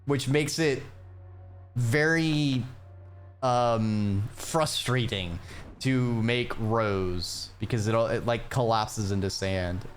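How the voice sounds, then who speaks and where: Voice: medium pitch, slow, soft background music. A streamer rambling and joking to themselves during live gameplay commentary. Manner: rambling, joking self-talk.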